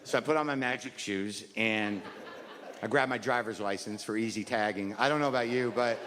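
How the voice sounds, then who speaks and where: A man's voice: lowish voice, fairly quick, a crowd in the background. A man in his fifties performing a rambling, self-deprecating stand-up routine, acting out his inner voices. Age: 50s. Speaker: stand-up comedian. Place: comedy stage before a live audience. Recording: live stage mic in a large hall, audience noise.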